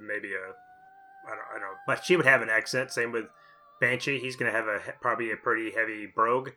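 A man's voice: mid-range voice, fairly even intonation, fast talker, bright, forceful tone. A man co-hosting a comics podcast, musing aloud and trailing off when unsure. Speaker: podcast co-host. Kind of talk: casual chat about comics.

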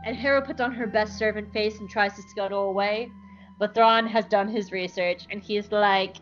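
A woman's voice: mid-range voice, steady tone, normal speed, lo-fi sound, soft background music. A young woman hosting a podcast, chatting casually and giggly through an episode recap. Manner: chatty, giggly, lots of fillers. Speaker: podcast host.

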